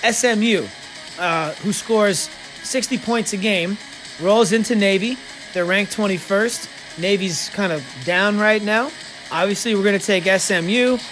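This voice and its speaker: A man hosting a podcast, giving sports betting picks in a casual, sarcastic way with quick joking asides. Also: high voice, fairly bright tone, faint music behind.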